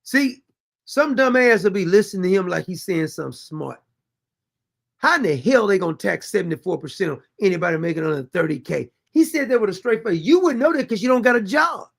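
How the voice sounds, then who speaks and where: A man's voice: sits high, expressive, brisk, vocal fry. A man hosting a commentary show, reacting to clips with sarcastic, exasperated mockery and reading viewer comments aloud.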